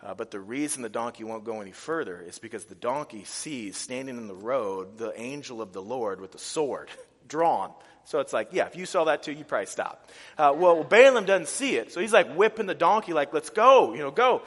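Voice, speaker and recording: Animated male preacher in an echoing hall. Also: mid-range voice, a little fast. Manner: animated, full of "like" and restarts. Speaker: pastor. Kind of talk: sermon. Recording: reverberant hall.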